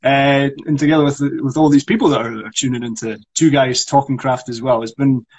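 Scottish actor, co-host, casual and chatty, slightly husky voice. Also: male voice, medium pitch, fairly quick. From Scotland. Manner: relaxed, chatty, rolls his R's. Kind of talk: casual chat.

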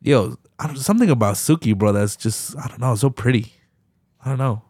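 A man hosting a podcast, giving relaxed, slangy movie commentary. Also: medium pitch, a little fast, husky, dry recording, clean studio sound. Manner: laid-back, slangy, drops into movie quotes. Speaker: podcast host.

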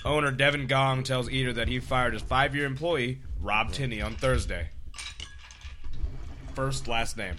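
A man's voice: mid-range voice, a little slow, pushed and bright. A man, a bartender, telling a workplace story in a laid-back podcast chat, sprinkled with "literally" and "like".

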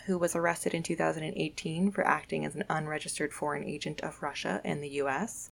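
Low, gravelly-voiced woman reading aloud. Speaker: podcast host reading documents aloud. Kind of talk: reading legal documents aloud.

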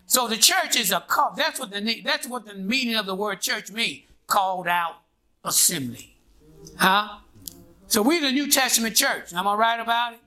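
A man's voice: sits high, moderate pace, bright, forceful tone. A man preaching a sermon in a call-and-response style, prodding his congregation with "what?" and "huh?" and waiting for them to answer. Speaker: pastor.

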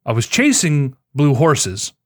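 A man in casual gaming chat, telling excitable, profane stories about his catches. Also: on the high side, slow, dry recording, studio quality.

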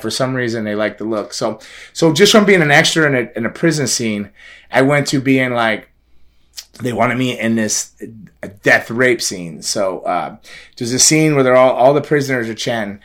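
A man's voice: mid-range voice, normal speed, a bit bright. A man telling a long, rambling story in casual conversation, often repeating words and laughing. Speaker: guest telling a film extra story.

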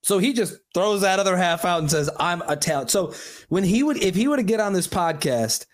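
A man's voice: sits high, expressive, a little fast. A man co-hosting a podcast in casual chat, rambling and earnest with lots of restarts. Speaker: podcast co-host.

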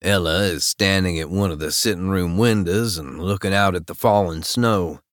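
A man narrating a romance audiobook in the first person, with a low-key, wry inner voice. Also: normal speed, dry recording, studio quality.

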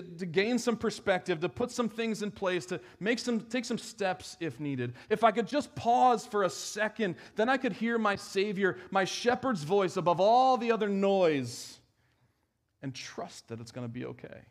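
Man, pastor, sermon, slightly high voice, conversational, emphatic then hushed. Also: expressive, moderate pace. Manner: conversational preaching with wide swings from emphatic to hushed. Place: church.

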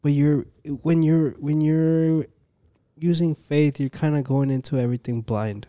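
A young man in casual chat, relaxed, mixing Spanish into his English while he argues his point. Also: on the high side, measured pace, dry recording, studio quality.

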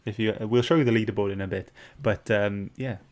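A man with a lowish, steady voice hosts a casual podcast at a brisk pace. He's chatty, reading aloud viewer comments and joking around with his co-hosts.

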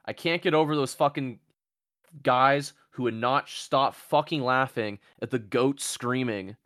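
A man's voice: medium pitch, measured pace, a bit bright, no room sound, clean studio sound. A man hosting a casual comedy podcast, joking and swearing as he rambles. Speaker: podcast host.

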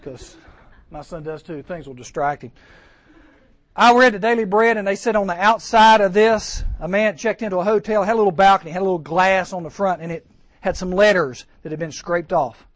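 A man preaching a sermon to teens, lively and joking, acting out voices and asking the crowd questions. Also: high voice, brisk, dry recording. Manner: lively, acts out voices, jokes, rhetorical questions. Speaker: camp speaker.

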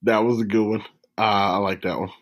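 A man in casual chat, laughing a lot and quoting sitcom lines with animated delivery. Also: lowish voice, brisk.

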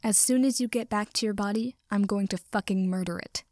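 A woman's voice: medium pitch, brisk, a little mellow, no room sound, studio quality, natural voice. A woman voicing a tired, exasperated young man with a weary, groaning delivery. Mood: irritated.

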